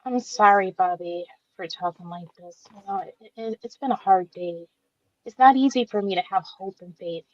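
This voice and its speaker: A woman voicing a gentle, tearful young woman with cancer in an amateur radio drama, speaking softly and with feeling. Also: medium pitch, lightly acted. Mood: pleading. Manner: soft, emotional, slow-spoken. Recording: dull dry lo-fi recording.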